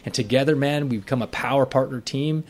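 A man's voice: mid-range voice, quick pace. A man hosting a podcast as a life coach, talking in an earnest, heartfelt, spiritual way that rambles at times. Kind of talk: casual podcast talk.

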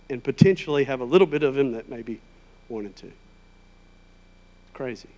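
A man preaching a sermon in a conversational, emphatic way, rising to loud, high peaks. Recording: long hall reverb.

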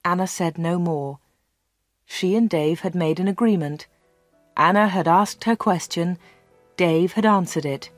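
A woman reading a storybook for learners aloud, slow, clear and measured. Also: on the low side, no room sound, soft background music. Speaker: narrator.

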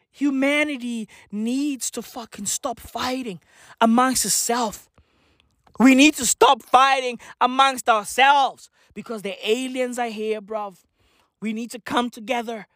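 A woman ranting in a frantic, profane comic monologue that breaks into shouts at times. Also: fairly high pitch, no echo, studio quality. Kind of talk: comic rant.

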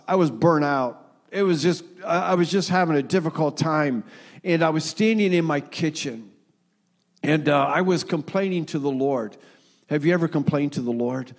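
A man in his sixties, a pastor, preaching a sermon in a church, telling stories earnestly and slowing down to quote scripture. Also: fairly high pitch. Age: 60s.

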